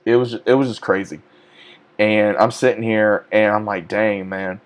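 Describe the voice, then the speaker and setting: A man's voice: lowish voice, normal speed. A man, casually recounting a work story and acting out the dialogue. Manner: animated retelling, acts out quoted dialogue. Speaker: vlogger.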